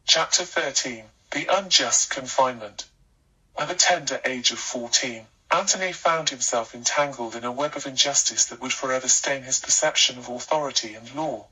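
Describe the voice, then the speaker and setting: A man narrating a scripted life story with a steady, even storytelling delivery. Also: mid-range voice, moderate pace, husky, distant mic, low-quality recording.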